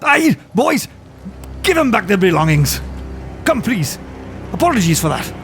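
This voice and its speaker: A man voicing a gruff, loud knight commander who barks his questions and orders. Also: sits high, big pitch swings, measured pace, faint music behind, pitched above the performer's own voice, full character voice. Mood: commanding. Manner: barking, commanding.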